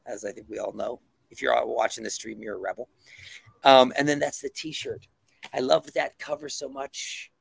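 On a podcast, a comic creator chats casually and excitedly about his project, full of ums and false starts. His voice sits at medium pitch, husky and fairly bright with some vocal fry. The recording is dry.

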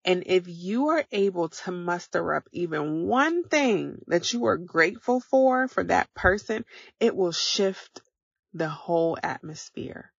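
A woman's voice: on the low side, lively intonation, a little slow, creaky, breathy edge, no echo, muffled recording. A woman hosting a motivational podcast, talking casually and encouraging her listeners step by step. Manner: encouraging, coaching listeners directly. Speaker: podcast host.

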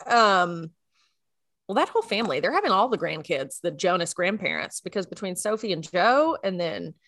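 A woman's voice: fairly low pitch, big pitch swings, normal speed, fairly bright tone, dry recording. A young woman co-hosting a podcast, chatting casually and acting out what people said. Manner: chatty, acts out quotes. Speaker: podcast co-host. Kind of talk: casual chat.

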